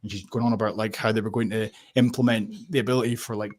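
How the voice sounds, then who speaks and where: Scottish male streamer, husky, sweary, rambly, casual chat. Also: lowish voice, fairly even intonation, fast, a little mellow. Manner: sweary, rambling, laughs often. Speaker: livestream host.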